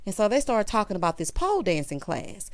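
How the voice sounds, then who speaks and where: A woman's voice: medium pitch, big pitch swings, brisk, no room sound. A woman recapping a reality TV episode in a sassy, dramatic way, acting out what the cast said and calling the viewer honey and child. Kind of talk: casual commentary recap.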